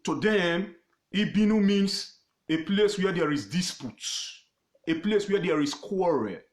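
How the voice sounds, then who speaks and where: A man with a Nigerian accent teaching history informally on his own page, emphatic and repetitive, pausing often with fillers. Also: high voice, expressive, roomy sound. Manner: emphatic, repeats words, pauses with fillers.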